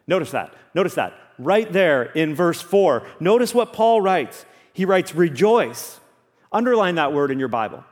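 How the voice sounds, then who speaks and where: Pastor guy preaching, kinda high voice, earnest, repeats stuff for emphasis, big echoey church sound. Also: big pitch swings, normal speed, few pauses. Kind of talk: sermon.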